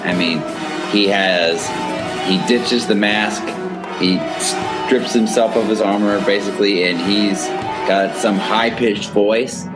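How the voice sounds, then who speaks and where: Coughing low-voiced young man with music. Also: steady tone, slow pace. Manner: rambling, frequent fillers and restarts. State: has a cough. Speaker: co-host. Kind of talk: casual podcast chat. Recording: loud music playing behind.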